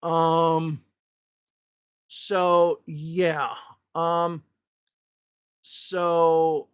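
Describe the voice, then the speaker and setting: A man's voice: on the high side, level tone, extremely slow, clear, resonant tone. A man from Chicago with a Northwest suburban Chicago accent, hosting a podcast as an English teacher in casual, blunt and profane chat that rambles with restarts. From Chicago, United States.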